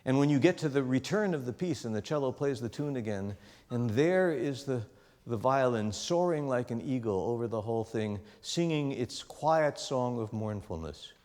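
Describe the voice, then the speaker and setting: In a music school's concert hall or large studio, a man with a mid-range voice runs a chamber music master class at a moderate pace. His coaching is animated, phrased as if gesturing with his hands, and sprinkled with little acted-out quotes, all under a long hall reverb.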